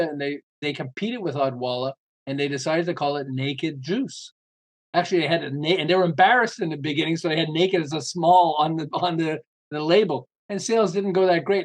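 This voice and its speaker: A man being interviewed as a guest author on a podcast, talking loosely with lots of "you know" and acting out what people think by jumping up and down in pitch. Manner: animated, acts out quoted thoughts with big jumps in pitch.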